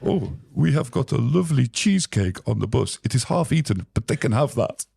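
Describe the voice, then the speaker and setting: A man's voice: medium pitch, sing-song, fairly quick, creaky, mellow, slightly rough, no room sound, voice pushed up, exaggerated voice. A man doing an eager Swedish guitarist. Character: cheerful male Swedish guitarist, eager to help.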